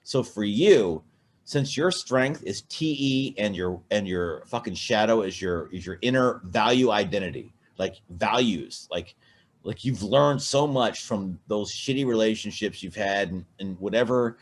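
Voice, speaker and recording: A man's voice: lowish voice, animated, unhurried. A man on a casual podcast, rambling and swearing through a drunken personal chat with many restarts. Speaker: podcast co-host.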